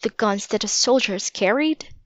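A woman voicing a cautious, serious young boy in a storybook reading, often hushed. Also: medium pitch, moderate pace, no echo, lightly acted. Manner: worried, hushed. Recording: dull lo-fi recording.

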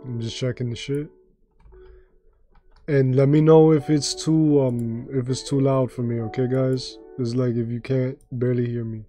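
A man with a slightly raspy voice, chatting casually with his viewers while streaming a game, rambling with lots of fillers and restarts. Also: medium pitch, level tone, moderate pace, few pauses. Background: faint background music.

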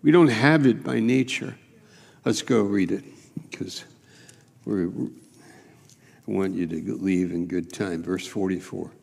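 A man's voice: low voice, slow pace, vocal fry, pauses often, a little mellow, in a large hall. A man preaching a sermon as pastor, with emphatic, repetitive preaching in a church sanctuary.

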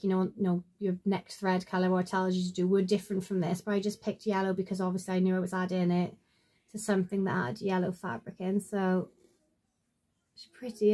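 A woman's voice: mid-range voice, dark tone. A woman, chatting at home in a rambling, casual show-and-tell about her sewing, full of fillers and asides. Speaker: crafter showing her sewing projects.

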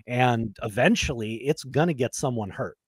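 A man's voice: medium pitch, normal speed, husky, dry recording. A man co-hosting a podcast, telling stories in an emphatic, conversational way. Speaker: podcast co-host. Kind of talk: casual chat.

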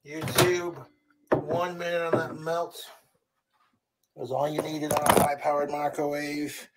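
A man narrating his cooking to the camera in a slow, relaxed, casual way. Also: fairly high pitch, very noisy. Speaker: home cook filming himself.

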